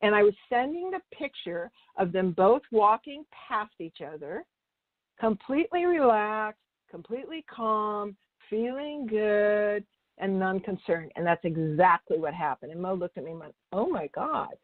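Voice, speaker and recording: A woman's voice: medium pitch, animated, a little slow, dry recording. A woman animal communicator telling stories and teaching in a chatty way, often restarting her sentences and acting out what people said. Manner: chatty, restarts mid-sentence, acts out dialogue. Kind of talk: teaching talk with anecdotes. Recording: dry, tinny phone-like sound.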